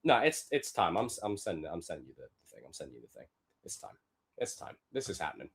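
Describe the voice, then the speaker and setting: A young man live-streaming, reacting to film clips with animated, profane commentary and sudden loud outbursts. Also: deep voice, fast, slightly rough.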